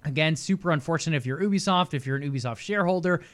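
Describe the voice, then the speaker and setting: A man's voice: a little high, rapid-fire. Chatty man talking gaming news. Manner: chatty, speculative, thinks aloud. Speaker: podcast co-host. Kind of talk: casual gaming chat.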